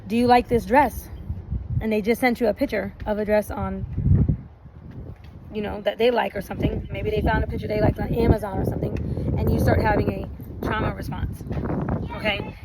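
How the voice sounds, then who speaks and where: A woman recording a relationship vlog outdoors, reading out points slowly and adding chatty asides. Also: medium pitch, little pitch movement. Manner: reads lists slowly, adds chatty asides. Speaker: relationship vlogger. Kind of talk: casual talk, reading points aloud. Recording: outdoor recording with noticeable background noise.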